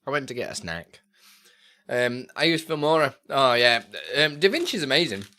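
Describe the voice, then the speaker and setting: Lively, rambling male streamer. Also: medium pitch, moderate pace. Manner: rambling and easily sidetracked, with many fillers. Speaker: streamer answering chat questions. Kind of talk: casual live-stream chat.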